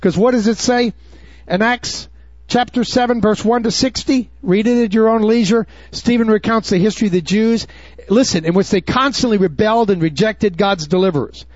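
Male preacher, high voice, emphatic and urgent, dull dry recording. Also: normal speed, a little mellow, no echo. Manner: emphatic, urgent, mocking asides. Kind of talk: sermon.

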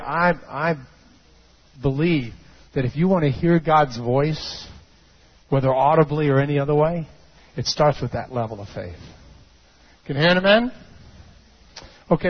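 A man preaching a sermon as pastor, swinging from hushed low passages to shouted peaks and calling out to the congregation for amens. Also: husky. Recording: dull lo-fi recording.

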